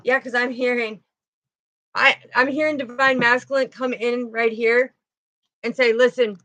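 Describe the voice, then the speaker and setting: A woman's voice: a little high, steady tone, measured pace, bright, forceful tone, dry recording. A woman giving a casual spiritual tarot card reading, chatty and talking straight to her viewers. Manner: chatty, with frequent "you know" and "okay". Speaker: intuitive tarot reader.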